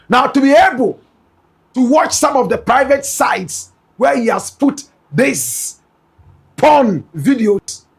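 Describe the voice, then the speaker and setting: Ghanaian guy doing dramatic gossip news, high raspy voice, lays it on thick. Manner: emphatic, repeatedly addresses listeners as "my brother, my sister". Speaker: news commentator.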